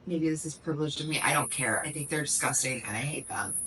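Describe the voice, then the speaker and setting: A woman's voice: low-pitched, fast, fairly bright tone, recorded from a distance, a little hiss or hum, poor audio. A young woman co-hosting a podcast, telling stories in casual chat and saying "like" a lot. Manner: chatty storyteller, heavy use of "like". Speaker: podcast co-host.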